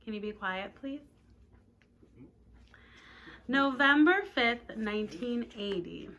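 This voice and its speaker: A woman's voice: fairly high pitch, slow pace, bright, forceful tone. A woman, a teacher, reading a novel aloud and breaking off for chatty asides to her listeners.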